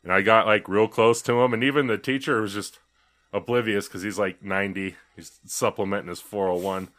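A man's voice: lowish voice, brisk. A man co-hosting a casual podcast, telling a story with acted-out quotes and plenty of swearing. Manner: animated storyteller, acts out quotes, swears freely. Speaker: podcast co-host. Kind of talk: casual chat.

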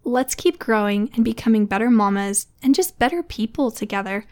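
A woman's voice: on the high side, expressive, a little fast. A woman in her thirties hosting a casual solo podcast, chatty and encouraging as she talks to other mothers. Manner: warm, encouraging, chatty with laughs. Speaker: podcast host.

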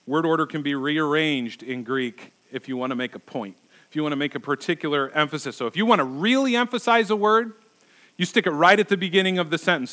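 A man's voice: fairly high pitch, sharp tone. A middle-aged male pastor preaching a sermon, emphatic and repeating words for stress.

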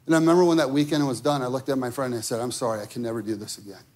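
A man's voice: mid-range voice, steady tone, racing, a little mellow. A man preaching a sermon, conversational and direct, checking in with the listeners often. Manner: conversational preaching with frequent okay and right. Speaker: pastor.

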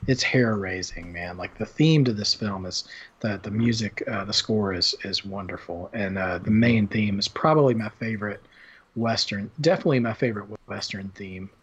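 A man's voice: on the low side, normal speed, fairly bright tone, breathy edge, lo-fi sound. A man hosting a podcast, talking about films in a casual, rambling way with lots of fillers and restarts. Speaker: podcast host. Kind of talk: casual film discussion.

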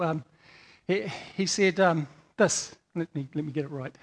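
A man's voice: a little high, moderate pace. A man giving a sermon, telling rambling stories with frequent repeated words. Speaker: preacher.

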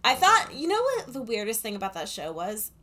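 A woman's voice: on the high side, wildly swooping pitch, brisk, sharp tone. A woman podcast co-host in casual chat, recapping a film plot in a chatty, sarcastic way and laughing often, speaking into a headphone mic. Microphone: headphones with a corded mic.

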